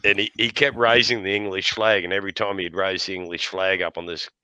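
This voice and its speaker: A man's voice: sits low, a little fast, clear, resonant tone, no echo. An Australian man hosting a live stream, swearing freely and laughing as he tells stories. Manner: laughs often, swears freely, lively yarn-spinning. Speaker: livestream host. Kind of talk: casual chat with jokes and yarns.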